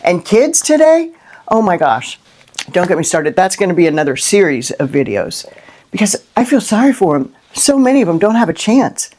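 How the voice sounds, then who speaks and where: A middle-aged woman hosting a Christian inspirational video, talking unscripted and from the heart, with lively rhetorical questions and frequent "right?". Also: lowish voice, moderate pace. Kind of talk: unscripted heartfelt monologue to camera.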